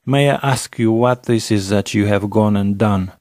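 A man's voice: fairly low pitch, moderate pace, a little mellow, no room sound, studio quality, lightly acted. A man doing a blustering old general. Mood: indignant. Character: pompous indignant older general.

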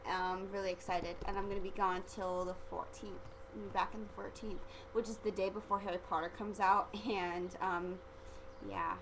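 A woman's voice: mid-range voice, level tone, moderate pace, noisy background. A teenage girl vlogging casually, rambling and giggly, full of "like" fillers. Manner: chatty and giggly, heavy use of "like" fillers.

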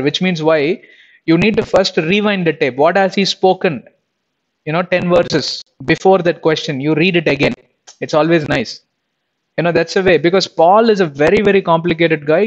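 Emphatic male preacher, rhetorical questions. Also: on the high side. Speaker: preacher and Bible teacher. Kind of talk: sermon. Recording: dull lo-fi recording.

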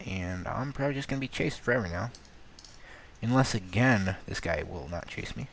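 A man giving self-mocking let's-play commentary in a put-on accent, mumbling at times and then bursting out excited. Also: on the low side, moderate pace, vocal fry. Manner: playing around with a put-on accent. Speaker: gaming video host.

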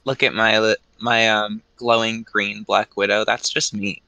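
Man on a gaming stream, gravelly voice, bright edge, stammers a lot. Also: on the low side, level tone, no room sound. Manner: halting, stammering, laid-back. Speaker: guest co-player. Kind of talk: casual live-stream chat while gaming.

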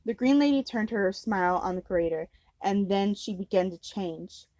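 A woman's voice: medium pitch, expressive, normal speed, warm tone, dry recording, low-quality recording. A woman reading a novel aloud at home, unpolished, with slips and restarts. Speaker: amateur reader.

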